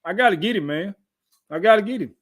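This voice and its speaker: A man's voice: high voice, animated, fast talker, a bit bright. A man in his thirties co-hosting a podcast, chatting casually about sports, boastful and trash-talking, repeating his lines. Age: 30s. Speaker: podcast co-host.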